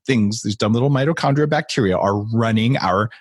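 A man's voice: mid-range voice, brisk, dry recording, studio quality. A man talking as a podcast guest, playfully acting out the voices in people's heads as he explains. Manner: playful, acts out inner voices. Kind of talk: animated interview talk.

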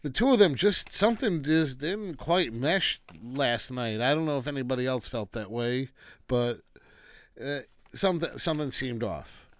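Smooth-voiced man ranting a wrestling recap. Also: medium pitch, lively intonation, normal speed, no room sound. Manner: ranting, exasperated, dismissive asides. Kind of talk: casual opinionated recap.

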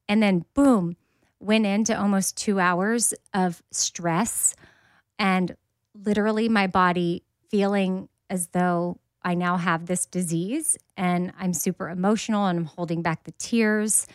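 A woman in her forties hosts a podcast and tells a personal story in an open, candid way. Her voice sits at a middle pitch and sounds close and dry, with no room around it. She lifts her voice to act out what other people said. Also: clean tone, no echo. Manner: candid, animated, acts out quoted voices. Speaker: podcast host.

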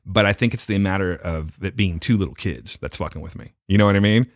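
A man's voice: sits low, fast, no room sound, clean studio sound. A man casually telling a story on a podcast, cursing freely and acting out the people in it. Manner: profane, animated retelling with put-on quotes. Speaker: podcast co-host.

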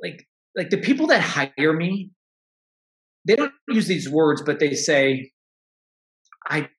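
Unhurried and on the high side, this middle-aged coach's voice moves through big pitch swings. He talks earnestly and reflectively in an interview, often restarting sentences, in a recording with roomy echo.

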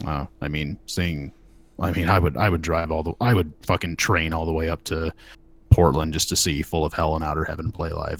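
A man co-hosting a podcast in casual chat, loose and profane, often restarting his phrases. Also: sits low. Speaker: podcast co-host.

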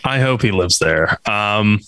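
A man's voice: on the low side, animated, unhurried, sharp tone, no echo. A man hosting a casual gaming podcast, joking around and running through a list of new games. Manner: easygoing, joking, reads off news items. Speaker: podcast host. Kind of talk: casual chat.

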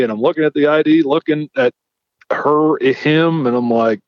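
His voice sits a little high at a moderate pace as the former police officer, now a podcast host who once served as chief, recounts traffic stops casually and animatedly plays out the exchanges. The sound is dry, dull and lo-fi.

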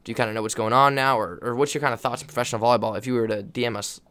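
A man's voice: mid-range voice, fairly even intonation, rapid-fire, a bit bright, clean tone. Playful man hosting a podcast. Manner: playful, interrupting. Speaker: podcast host, college volleyball player. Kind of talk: casual chat.

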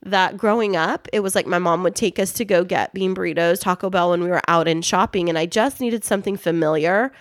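A woman's voice: lowish voice, fairly quick, hardly any pauses, dry recording, clean studio sound. A woman in her thirties co-hosting a couples podcast, telling earnest personal stories in casual chat. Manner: earnest, warm storytelling, laughs easily. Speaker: podcast co-host.

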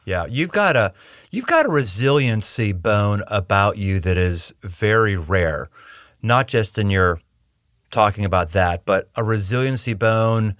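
A man's voice: lowish voice, expressive, measured pace, fairly bright tone, dry recording, studio quality. A man hosting an interview, asking long teasing questions. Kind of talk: conversational interview.

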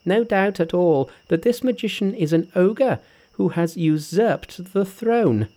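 A man puts on a cocky, swaggering monkey hero for a storybook reading, pitching his voice up and speaking louder and with more push than his narration. The delivery is brash and sure of itself and rises and falls a lot, with a mellow, dark tone underneath. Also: measured pace. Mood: boastful. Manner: brash and confident, lively. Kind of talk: audiobook character voice.

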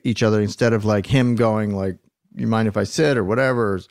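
A man co-hosting a podcast in casual chat, talking in an animated, emphatic way with frequent restarts. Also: on the low side, fairly quick, no echo, clean studio sound. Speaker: podcast co-host discussing the episode.

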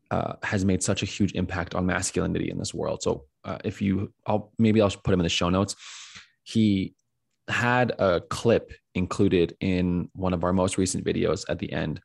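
A man with a very deep, gravelly voice talks through a reflective podcast conversation, earnest and searching, pausing on fillers and circling back on his words. The sound is close and dry, with no room around it. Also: a little mellow, no echo. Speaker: podcast host.

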